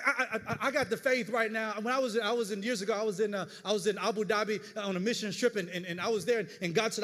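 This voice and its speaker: A middle-aged male pastor preaching a sermon, telling stories with stammered repeats that run on into the next phrase. His voice sits high for a man. The sound rings with a long reverb, as if caught in a church hall. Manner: animated storytelling with stammered repeats.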